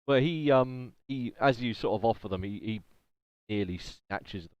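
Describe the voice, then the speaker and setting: A man's voice: on the low side, moderate pace, darkish tone, smooth, no echo. A man narrating as game master of a tabletop game, talking hesitantly with many fillers. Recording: dull lo-fi online audio.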